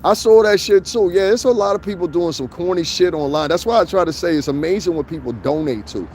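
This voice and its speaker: A middle-aged man talks to his livestream viewers from a cold city street. He rambles through profane stories and reads out their comments. His voice sits a little high for a man, and faint traffic hums behind him. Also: expressive, fast, a little mellow. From New York. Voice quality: loose, profane, rambling storyteller. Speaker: livestream host. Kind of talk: casual livestream chat reading comments.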